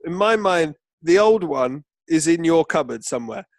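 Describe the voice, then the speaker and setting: A man co-hosting a sports podcast in casual chat, spinning jokey, drawn-out comic scenarios. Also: a little high, lively intonation, no room sound. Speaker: podcast co-host.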